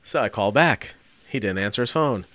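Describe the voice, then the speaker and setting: Animated swearing man telling a story. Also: fairly low pitch, moderate pace, no room sound. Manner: animated storytelling, swearing, acting out quoted voices. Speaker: body shop worker telling a story. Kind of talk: casual podcast chat.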